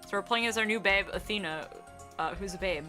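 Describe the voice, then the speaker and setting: A woman from the northern United States co-hosting a game stream, talking casually with quick, profane bursts and frequent laughter. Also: medium pitch, bright, forceful tone, faint music behind. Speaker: let's play streamer, co-host.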